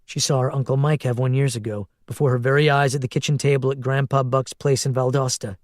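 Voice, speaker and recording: A male narrator reads a tense story in a steady, measured voice. His voice sits at a middle pitch, recorded dry and close with no room sound. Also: no room sound. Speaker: audiobook narrator. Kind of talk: scripted narration.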